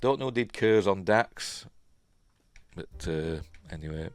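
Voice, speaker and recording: A man's voice: low-pitched, lively intonation, measured pace. A man with a Yorkshire accent, hosting a casual solo review, rambling and chuckling, often trailing off into a mumble. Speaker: show host and reviewer.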